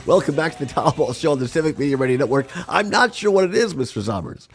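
A man hosting a radio talk show, hoarse and gravelly from a cold, chatty and rambling with frequent chuckles, in a small studio. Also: on the high side, expressive, fast talker, faint music behind.

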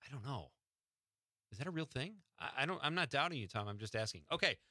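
A man's voice: mid-range voice, big pitch swings, fast talker, sharp tone, dry recording. A man hosting a radio show from the studio, chatting casually and teasing his co-host. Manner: joking, teasing.

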